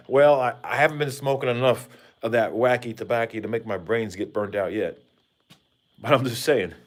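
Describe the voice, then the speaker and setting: A man rambling casually and joking with viewers during a live stream, talking into his phone on a side porch outdoors. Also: mid-range voice. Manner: rambling, jokey, talks to viewers. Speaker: vlogger. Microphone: phone held by hand.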